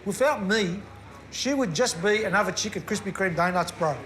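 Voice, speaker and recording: A man's voice: high-pitched, moderate pace, very noisy. Boastful man introducing clips. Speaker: host presenting clips. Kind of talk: casual chat.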